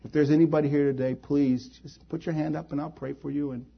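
A man's voice: on the high side, steady tone, fast, vocal fry, slightly rough, highs cut off. A male preacher at a church service, giving an altar call and closing prayer in a pleading, inviting way. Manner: pleading, invites hands raised.

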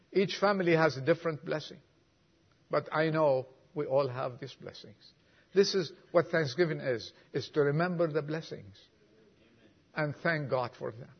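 A man preaching in a slow, unhurried sermon with a gravelly, husky edge to his fairly high voice. He drops to near whispers on quiet lines and climbs to urgent appeals. The recording is dull and lo-fi. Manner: reads poem softly, sinking to a whisper, then preaches with rising fervor.

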